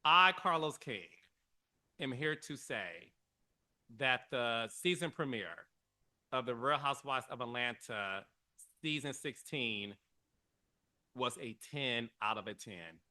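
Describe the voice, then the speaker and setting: A middle-aged man hosting a podcast, giving casual, emotional commentary with dramatic pitch swings. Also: lively intonation, slow, pauses often, pushed and bright. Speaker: podcast host.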